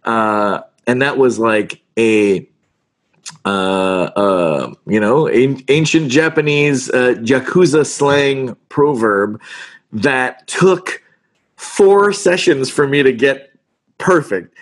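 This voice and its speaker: A middle-aged man talks casually with an interviewer about his work in voice acting. He tells his stories in an animated, self-mocking way and performs the lines he quotes. His voice sits at an ordinary pitch for a man. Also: slow. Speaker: voice actor guest.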